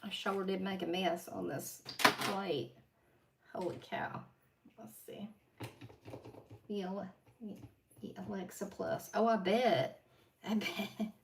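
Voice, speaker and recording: A woman with a strong Appalachian drawl chats with her livestream viewers while working on nail art at her home desk. Her voice has a gravelly fry and a chatty, laughing manner. The mic sits some distance away, with a faint hiss underneath. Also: mid-range voice, steady tone, slow, pauses often. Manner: chatty, laughing asides, talks to viewers while doing nails. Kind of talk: casual chat while working.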